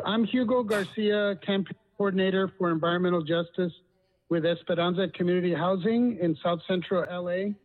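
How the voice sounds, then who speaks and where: A man who works as a community organizer, reading a formal public comment over the phone. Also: high voice. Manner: formal, read-out statement. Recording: phone line with long reverb.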